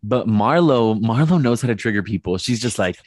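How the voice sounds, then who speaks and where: A man's voice: on the low side, expressive, fairly quick, a little mellow, no echo, clean studio sound. A man co-hosting a podcast, recapping a reality show in a chatty, gossipy way with sarcastic asides. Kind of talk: casual chat.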